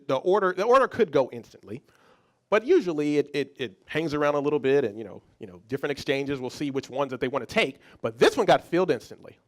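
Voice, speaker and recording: A man who is a psychologist, giving a motivational talk as a lively story, often restarting and repeating words. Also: on the high side. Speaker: psychologist and speaker.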